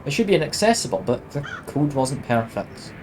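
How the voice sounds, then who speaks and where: A man's voice: on the high side, big pitch swings, normal speed, darkish tone, slight background noise, poor audio. A man streaming a video game, reading the on-screen text aloud and adding wry, self-mocking asides. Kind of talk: casual let's-play narration, reading game text aloud.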